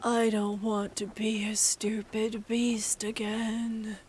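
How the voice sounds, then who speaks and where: A woman voicing a cursed water creature that speaks slowly and softly. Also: mid-range voice, completely flat delivery, a little hiss or hum, lightly acted. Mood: mournful whisper.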